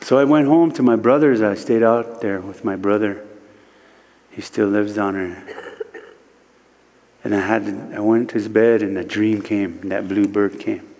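A man from Standing Rock, a guest speaker at a church service, telling a spiritual story slowly, with many repeated "he said" lines. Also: on the low side, fairly even intonation, darkish tone, big-room sound. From Standing Rock, United States. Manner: slow and repetitive, retelling speech with many "he said".

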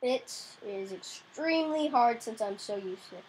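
A young woman giving casual gameplay commentary, excitable, crying out in frustration now and then. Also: on the high side, normal speed, a little hiss or hum, rough recording. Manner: excitable, yelps and cries out in frustration. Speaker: gamer.

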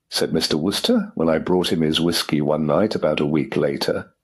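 A man narrating an audiobook for English learners in a measured, formal way. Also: extremely low pitch, fairly even intonation, slightly rough.

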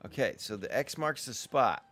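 A man's voice: medium pitch, lively intonation, normal speed, a bit bright. A man giving casual let's-play commentary while he plays a survival game, chatting to himself and to the game's characters and yelping when something startles him. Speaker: gamer playing a survival game.

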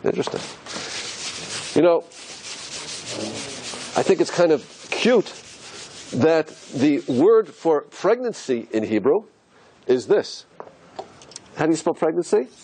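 A man's voice: fairly high pitch, very animated, takes it slowly, pauses often, dark tone, slight background noise. A man teaching as a rabbi, asking rhetorical questions and musing aloud as he explains letters on a board. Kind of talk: teaching lecture.

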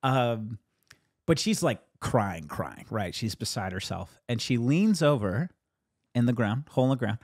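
A man who is a pastor, chatting casually about his sermon as an animated storyteller who laughs often and jumps higher when he quotes people. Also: unhurried, no echo, studio quality.

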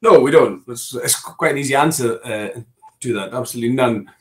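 A middle-aged Scottish man speaks as an interview guest in a mid-pitched voice. He talks his way round a point, often restarting and repeating words before carrying on. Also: brisk. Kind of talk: conversational political discussion.

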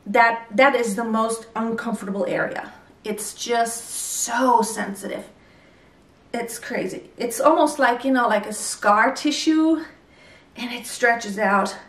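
A woman's voice: fairly high pitch, a bit bright, distant mic. Breathless woman vlogging in an echoey room. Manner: chatty, candid, mildly breathless. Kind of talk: casual pregnancy update vlog.

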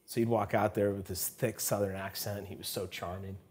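A man's voice: lowish voice, little pitch movement, brisk, darkish tone, husky. A man, a chef, chatting casually while cooking in a demo kitchen, telling stories with frequent laughs and restarts.

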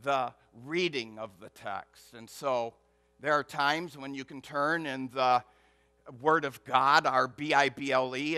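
Recorded dry, this medium-pitched male preacher delivers a forceful sermon. Loud emphasis alternates with quiet asides, and repeated phrases drive the cadence forward.

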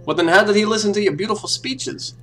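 A man's voice: sits high, fast talker, sharp tone, pitched above the performer's own voice. A man doing a brash wisecracking tough-guy detective. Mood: cocky. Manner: mocking, wisecracking interrogator. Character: brash tough-talking male police detective. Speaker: gameplay video host. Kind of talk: in-character game commentary.

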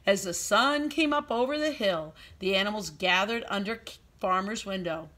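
A woman preschool teacher reading a storybook aloud to young children in an expressive, sing-song way. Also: medium pitch, normal speed.

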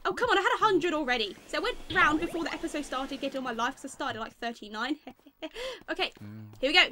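A young British woman giving fast, excitable let's-play commentary with melodramatic outbursts, game music behind. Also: high voice, slight background noise. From Britain. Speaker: gaming YouTuber.

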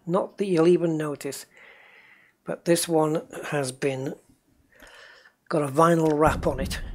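Playing a truck game, a man with a faint northeast English accent gives casual commentary, chatting to himself and to his viewers' messages while he drives. His voice is fairly high-pitched, with slight background noise. He hosts a gaming channel and comes from northeast England.

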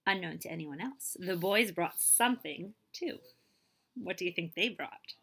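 A woman librarian reads a picture book aloud in a bright, ringing voice. She tells the story with lively expression and turns to ask her young listeners questions. At the suspenseful moments she drops into a whisper. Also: on the low side, measured pace, creaky, slightly rough. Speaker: librarian reading aloud to children.

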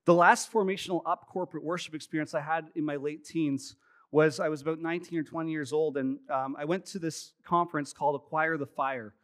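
During a live service in the church sanctuary, a thirty-something pastor talks to his congregation in a high-leaning voice with fairly even intonation, going a little fast. His sermon is full of chatty storytelling and jokes at his own expense.

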